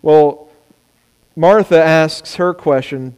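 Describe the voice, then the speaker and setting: A man preaching a sermon, animated, sometimes acting out the words of people he quotes. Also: on the high side, normal speed, clean tone. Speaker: pastor. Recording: long hall reverb.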